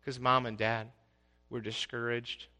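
A man preaching a sermon as pastor, swinging from quiet asides to loud, exclaiming passages. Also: medium pitch, level tone, measured pace.

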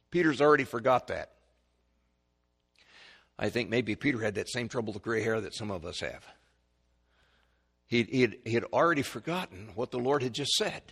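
A man preaching a Bible lesson, chatting at first, then climbing to loud, emphatic peaks when he quotes scripture, with stammered restarts. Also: mid-range voice, lively intonation, moderate pace, vocal fry, pauses often, breathy edge. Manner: conversational teaching with stammered restarts. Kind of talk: Bible teaching sermon.

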